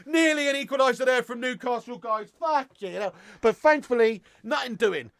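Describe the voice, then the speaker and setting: A man hosting a live football watchalong, excitable and swearing freely while chatting to viewers. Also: very high-pitched, measured pace, vocal fry, no echo.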